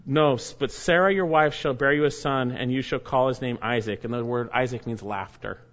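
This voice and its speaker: A man's voice: medium pitch, fairly quick, fairly bright tone, dull audio. A man, a pastor, preaching a sermon verse by verse, reading scripture aloud and adding emphatic asides to his listeners.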